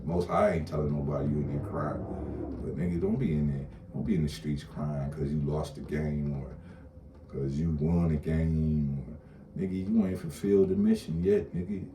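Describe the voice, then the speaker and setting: Man, very deep, mellow, blunt profane rant, roomy echo. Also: moderate pace, a little hiss or hum. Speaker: online commentator. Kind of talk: casual rant to camera. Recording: roomy echo, distant mic, faint ambience.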